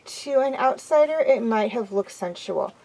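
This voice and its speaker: A woman reading a first-person amateur audiobook in a quiet, even way. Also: a little high, a little slow, creaky, rough recording. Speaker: audiobook reader.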